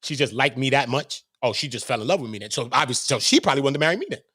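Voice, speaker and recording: Racing through a furious, swear-filled rant on his own channel, this Brooklyn host with a New York accent keeps repeating himself and performing other people's voices. His mid-range voice is slightly rough and animated, captured in a clean studio with no room sound.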